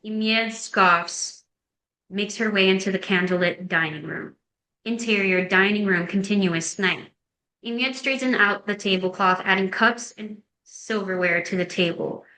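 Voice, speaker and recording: A woman's voice: mid-range voice, measured pace, pushed and bright. A woman narrating, reading a screenplay's scene and action lines in a plain, descriptive way. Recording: echoey room.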